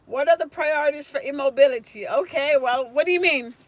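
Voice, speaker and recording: A woman's voice: high-pitched, a little fast. A woman tutoring nursing students on a casual live stream, chatting and answering viewers' comments by name.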